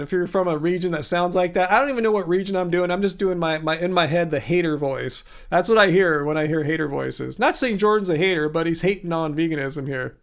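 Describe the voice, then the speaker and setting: A man with a fairly high voice hosts a casual livestream and answers viewer comments. He sounds sarcastic and incredulous, and he rambles with plenty of fillers and restarts. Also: fast talker, few pauses. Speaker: livestream host.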